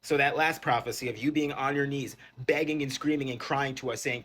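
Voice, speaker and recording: A man's voice: medium pitch, steady tone, fairly quick, few pauses, fairly bright tone, a little hiss or hum. A man preaching an impassioned religious rant, confrontational, swearing and hammering the same phrases again and again. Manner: confrontational, repetitive and profane.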